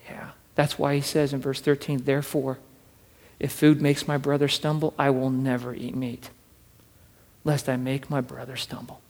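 A man preaching a sermon from scripture, fervent, swinging between loud urging and hushed asides and repeating words as he builds a point. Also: medium pitch, little pitch movement, moderate pace, big-room sound. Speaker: pastor.

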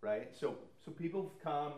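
A man's voice: on the high side, animated, normal speed, darkish tone. A man preaching a sermon, telling personal stories conversationally and acting out what other people said. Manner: conversational storytelling, acts out quoted people. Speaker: pastor. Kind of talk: sermon testimony. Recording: echoey room.

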